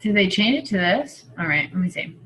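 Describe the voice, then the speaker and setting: Bright-voiced woman coaching on a video call. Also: medium pitch, lively intonation, brisk, rough recording. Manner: chatty and rambling, thinking aloud. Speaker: online group coach. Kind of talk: casual video call talk.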